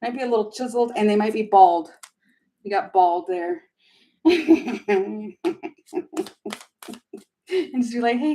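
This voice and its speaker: A woman's voice: on the high side, a little mellow, rough recording. Giggly woman tarot reader. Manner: giggly, chatty, flustered. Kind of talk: live tarot reading chat.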